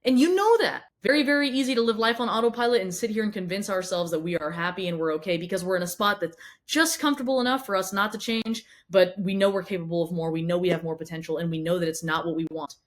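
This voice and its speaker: A woman's voice: lowish voice, quick pace. A woman fitness coach giving a blunt motivational monologue to camera. She fires questions straight at the listener, repeats words and swears freely.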